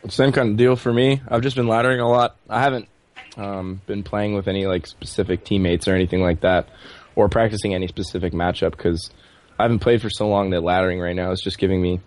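Laid-back low-voiced man at home. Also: fairly even intonation, fast talker, a little mellow. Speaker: guest player. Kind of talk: casual chat. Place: his room at home.

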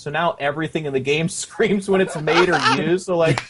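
A man chatting casually about a strategy game, animated and swearing often, acting out silly voices. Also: sits high, fairly quick, hardly any pauses, noisy background. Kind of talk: casual gaming chat.

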